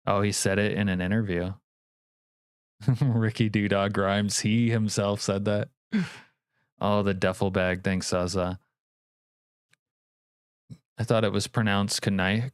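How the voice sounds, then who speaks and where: A man's voice: lowish voice, flat delivery, unhurried, pauses often, clear, resonant tone, no echo, studio quality. Joking, cursing man streaming a game. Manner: profane, jokey, reads chat aloud. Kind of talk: casual live-stream commentary.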